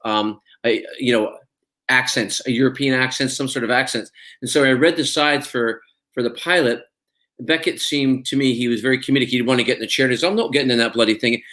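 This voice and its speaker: Male guest actor, mid-pitched, chatty storyteller who acts out quotes. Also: a bit bright. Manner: anecdotal, acts out quoted dialogue, many fillers. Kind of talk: casual interview storytelling.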